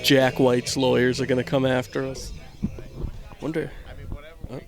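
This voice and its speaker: A man calling a baseball game outdoors on a handheld microphone, rambling and self-deprecating, often dropping to a hush. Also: mid-range voice, level tone, a little slow, creaky, faint music behind. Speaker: play-by-play commentator. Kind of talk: casual joking sports commentary. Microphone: handheld microphone with earbuds.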